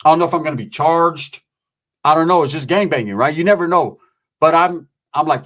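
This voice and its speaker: A man tells a story in loose street slang, swearing freely. He acts out every quote and keeps the telling lively. His voice sits a little high for a man. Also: brisk. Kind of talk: casual storytelling.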